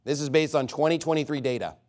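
A man's voice: fairly high pitch, quick pace, darkish tone. A man in his thirties preaching a fiery sermon, emphatic, with sudden swings in volume and pace. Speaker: pastor.

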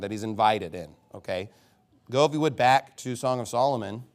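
A man preaching a sermon, reading scripture slowly and then pressing his points with rhetorical questions and repeated phrases. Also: medium pitch. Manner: reads scripture slowly and deliberately. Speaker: pastor.

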